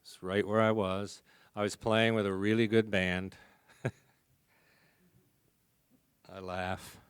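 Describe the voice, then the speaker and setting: A man's voice: lowish voice, little pitch movement, slow, clean tone, no echo. A man speaking at a recovery meeting, telling his story in a humorous, confessional way. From American. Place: conference hall.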